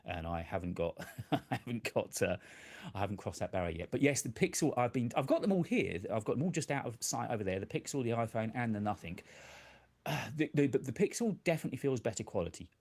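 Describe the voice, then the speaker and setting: A man's voice: mid-range voice, very animated, fast talker, a little mellow. A man, chatting casually on his tech live stream from a home desk, self-deprecating and laughing often.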